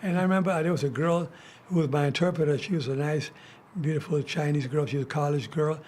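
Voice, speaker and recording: A man's voice: a little high, fairly even intonation, fast talker, darkish tone, slight background noise. Older man host telling rambling stories. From United States. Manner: rambling, many restarts and fillers. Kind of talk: casual storytelling chat.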